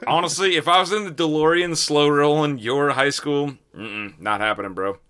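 A man's voice: fairly high pitch, normal speed, a bit bright, clean tone. A man joking dryly in a casual podcast chat.

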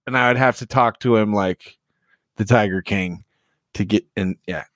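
A man's voice: lowish voice, unhurried, no room sound, clean studio sound. A man hosting a comedy podcast, laughing as he tells stories and plays along with bits. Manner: laughing, animated storytelling. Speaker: podcast host. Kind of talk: casual comedy podcast chat.

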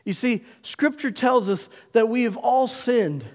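High-voiced male pastor preaching in a hall. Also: expressive. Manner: emphatic, call-and-response preaching with dramatic pauses. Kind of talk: sermon. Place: church sanctuary.

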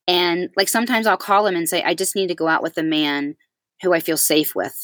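Lowish-voiced woman, talk-show co-host, animated storyteller, dry close recording. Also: fairly quick, dry recording. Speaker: podcast co-host. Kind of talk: casual chat.

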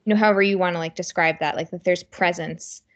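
A woman's voice: fairly low pitch, steady tone, fast talker. A woman co-hosting a podcast in casual chat, telling stories with lots of fillers. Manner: chatty storyteller, many fillers. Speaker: podcast co-host.

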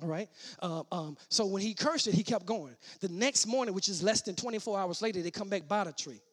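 A man preaching a sermon, starting as casual teaching and building to loud shouted preaching, repeating and restarting his words. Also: sits high, brisk.

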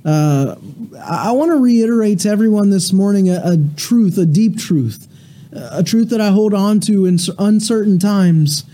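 A man pastor preaching a sermon and leading prayer, earnest with halting restarts. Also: sits high, expressive, mellow. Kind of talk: sermon with prayer and a told joke.

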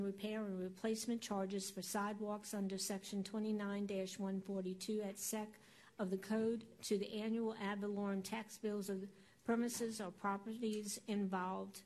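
A woman working as a council clerk, reading agenda items aloud in a formal, even tone. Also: mid-range voice, poor audio.

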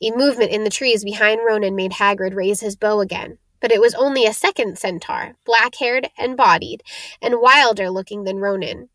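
A woman narrating a children's storybook in a steady, expressive read. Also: mid-range voice, moderate pace, no echo. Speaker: audiobook narrator.

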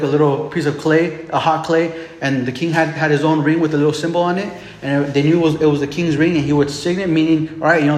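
A man preaching a sermon in a relaxed, conversational way, often restarting and repeating words as he retells a Bible story. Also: fairly high pitch. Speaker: pastor. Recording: echoey hall with long reverb.

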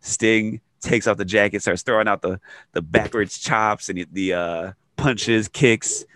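A man co-hosting a podcast, recapping wrestling in casual chat, excitable and laughing often. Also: lowish voice, unhurried, no echo, clean studio sound. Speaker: podcast co-host.

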